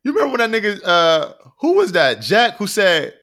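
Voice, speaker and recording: A man's voice: sits high, sing-song, moderate pace, few pauses, bright, forceful tone. A man co-hosting a podcast, telling long stories in a rambling, slangy, profane way. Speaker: podcast co-host. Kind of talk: casual podcast chat.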